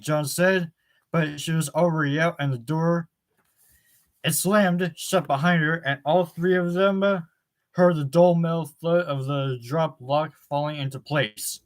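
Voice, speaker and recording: A man with a somewhat high voice reads a novel chapter aloud at normal speed, audiobook style. His delivery is plain, with occasional fillers and self-corrections.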